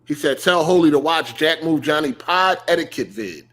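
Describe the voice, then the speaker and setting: A man hosting a casual podcast, reading out chat shout-outs in a blunt, joking way. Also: fairly high pitch, expressive, normal speed. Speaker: podcast host.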